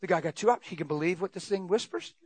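A male preacher giving an animated sermon, laughing often and breaking into shouts. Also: sits high, rapid-fire.

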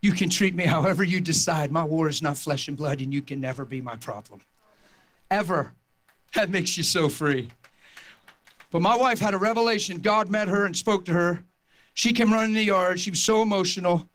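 Male pastor, sermon testimony, high-pitched, passionate storytelling, building to shouts. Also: moderate pace. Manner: impassioned storytelling, rising to near-shouting.

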